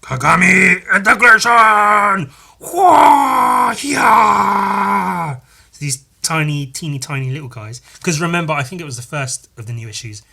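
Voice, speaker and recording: A man's voice: mid-range voice, fast talker, hardly any pauses, fairly bright tone. A man hosting a podcast, reading through a comic book in a casual, rambling, sweary way. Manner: rambling, sweary, laughing often. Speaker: podcast host.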